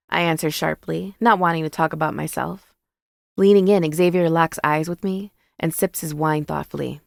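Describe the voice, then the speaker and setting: A woman narrates a first-person romance novel in a measured, wry storytelling manner. Her voice is low and gravelly. The recording is close and dry, like an audiobook studio. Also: fairly even intonation, dry recording.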